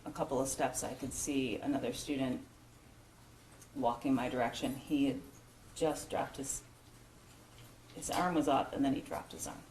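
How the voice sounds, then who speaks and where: A low-pitched woman gives witness testimony in a courtroom, her account halting and full of restarts. The room is echoey, with faint background hiss. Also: steady tone, a little mellow. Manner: halting, emotional, many restarts and fillers. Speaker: witness, school principal. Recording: roomy courtroom broadcast audio.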